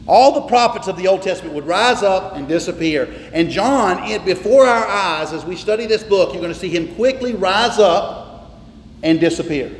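A man's voice: high-pitched, expressive, normal speed. A man preaching a sermon from the pulpit, emphatic and repetitive, hammering on single words. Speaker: pastor. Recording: reverberant hall with faint noise.

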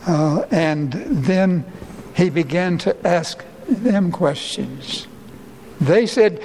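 A male pastor preaching a sermon, his voice rising and slowing when he quotes people crying out. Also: a little mellow, in a large hall, low-quality recording. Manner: rises in pitch and slows for quoted cries.

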